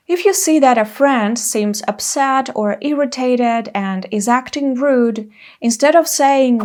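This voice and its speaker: Woman, English teacher, unhurried, somewhat high voice, clear careful delivery. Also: animated, a little mellow. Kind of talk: English lesson to camera.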